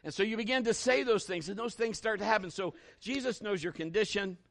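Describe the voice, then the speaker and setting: High-voiced folksy male preacher. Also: a little fast. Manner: folksy, conversational preaching with acted-out stories; emphatic, with scripture quotes. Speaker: pastor. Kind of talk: sermon.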